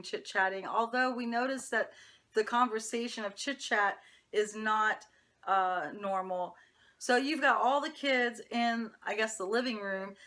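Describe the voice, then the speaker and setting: A woman's voice: mid-range voice, bright, forceful tone. A woman reviewing a TV episode, chatty and opinionated, talking straight to her viewers. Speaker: TV show reviewer. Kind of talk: casual episode recap.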